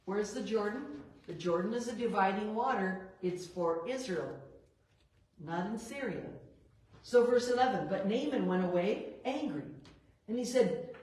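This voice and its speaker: A woman leading a Bible study, reading verses and acting out the characters' lines with lively emphasis. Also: a little high, a little slow. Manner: expressive, acts out biblical characters in quoted dialogue. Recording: roomy echo, voice a bit far from the mic.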